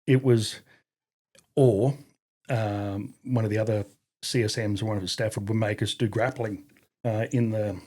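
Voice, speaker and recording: Unhurried and pausing often, an Australian-accented army veteran tells casual stories on a podcast in a low, steady, darkish voice. He swears freely and acts out other people by raising his voice.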